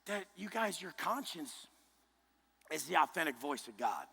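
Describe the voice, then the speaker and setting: A man giving a motivational speech to a live group. He talks in a blunt, intense, heavily profane way and often pushes up to a shout. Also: on the high side, big pitch swings, moderate pace, vocal fry, husky. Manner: forceful, often rising to a shout. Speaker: motivational speaker. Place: large indoor event room. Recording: live hall speech with long reverb.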